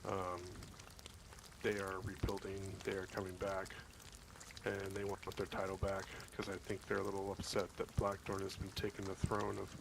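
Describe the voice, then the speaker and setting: Low gravelly man, flat and calm. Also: moderate pace, background noise. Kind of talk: in-character roleplay chat in a survival game.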